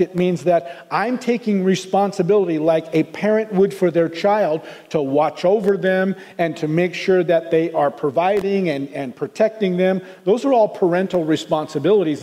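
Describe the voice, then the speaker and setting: A man's voice: sits high, mellow, big-room sound. An older man from the American South with a Southern accent, preaching a sermon in an earnest, conversational way. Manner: conversational, earnest, with many restarts. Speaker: pastor.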